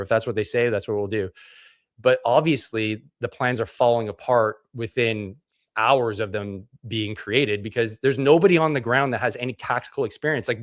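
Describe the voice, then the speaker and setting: A man's voice: medium pitch, fairly bright tone, dry recording, clean studio sound. A man from Canada, a military veteran being interviewed, telling his story bluntly with swearing and acted-out dialogue. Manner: blunt and profane, acts out dialogue.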